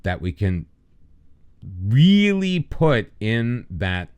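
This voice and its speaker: A man's voice: mid-range voice, sing-song, very slow, a little mellow, clear, resonant tone. An American man casually commenting over a football management game, mixing play-by-play calls with joking, self-deprecating asides. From United States. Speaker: gaming YouTuber.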